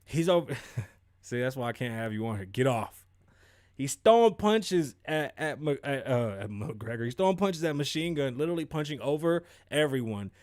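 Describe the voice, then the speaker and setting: A young man hosting a podcast, giving animated, profane sports commentary and mocking people in put-on voices. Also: mid-range voice, normal speed, no room sound, clean studio sound. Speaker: podcast host. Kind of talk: casual commentary.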